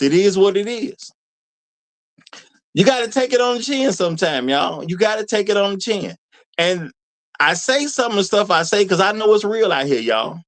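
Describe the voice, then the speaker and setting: A man's voice: high voice, no room sound, rough recording. A man hosting a live commentary stream, talking casually to his viewers and repeating points for emphasis. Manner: animated, repeats lines for emphasis, addresses viewers as y'all. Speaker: host of a live commentary show.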